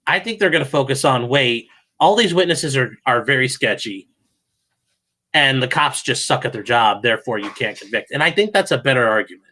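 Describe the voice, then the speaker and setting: Bright-voiced blunt male guest. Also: medium pitch, lively intonation, brisk. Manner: blunt, opinionated, repeats words when starting. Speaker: guest, legal commentator. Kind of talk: casual chat.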